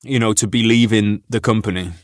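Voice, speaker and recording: A man's voice: fairly low pitch, steady tone, brisk, no room sound, studio quality. A man hosting a podcast in a casual, joking way, swearing and laughing along. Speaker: podcast host.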